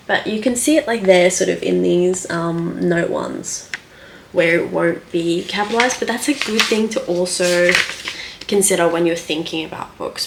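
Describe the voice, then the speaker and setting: A young woman chats her way through writing tips, thinking aloud and filling pauses with ums and likes. Her pitch sits in a middle range. A faint noise hangs under the recording. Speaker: writing vlogger. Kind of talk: casual screen-share talk.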